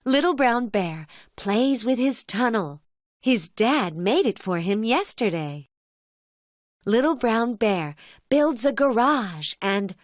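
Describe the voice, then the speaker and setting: A woman telling a children's cartoon story as narrator, in a gentle storybook manner. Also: fairly high pitch, no echo, studio quality.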